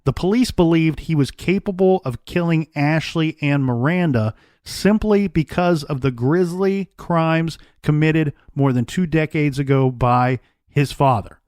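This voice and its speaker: A man co-hosting a true crime podcast, recounting the case in a measured, storytelling way. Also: a little high, a little mellow, clean tone, dry recording, studio quality. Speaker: podcast co-host.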